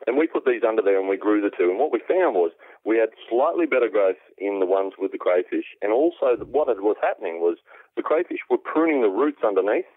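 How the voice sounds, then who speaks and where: A low-voiced man with an Australian accent talks through a long, relaxed explanation, dotting it with ums. His voice comes over a tinny, dry phone line. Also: quick pace, no room sound. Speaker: aquaponics specialist guest. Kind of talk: explanatory interview answers. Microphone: phone call.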